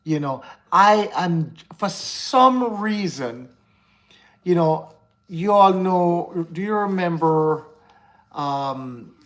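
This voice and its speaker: A man's voice: sits high, lively intonation, very slow, fairly bright tone. A man with a Jamaican accent hosting a casual livestream, talking candidly to his viewers, answering the live chat and often repeating himself. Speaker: livestream host.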